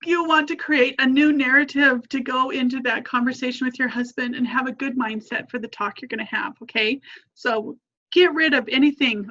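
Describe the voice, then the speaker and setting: Earnest high-voiced woman coach. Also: fairly even intonation, moderate pace, bright, forceful tone, dull audio. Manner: earnest, encouraging, repeats points for emphasis. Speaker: family coach and mentor. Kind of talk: coaching lesson to a group.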